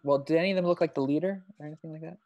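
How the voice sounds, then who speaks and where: A man playing a tabletop game, casual and halting, joking around. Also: a little high, steady tone, lo-fi sound. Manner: halting, restarts, jokey. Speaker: player.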